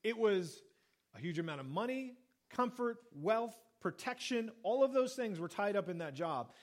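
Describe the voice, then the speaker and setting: A man preaching a sermon, reading scripture and then explaining it in a casual, conversational way, acting out quoted lines. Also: moderate pace. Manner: conversational, acts out quoted lines with lively pitch jumps. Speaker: pastor. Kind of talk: sermon, Bible reading and teaching.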